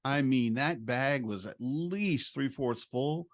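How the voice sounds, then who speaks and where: A middle-aged man co-hosting a podcast, telling a family story with lively acted-out dialogue and laughter. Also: medium pitch, slow pace, no room sound, studio quality. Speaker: podcast co-host, stay-at-home dad. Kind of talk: casual storytelling chat.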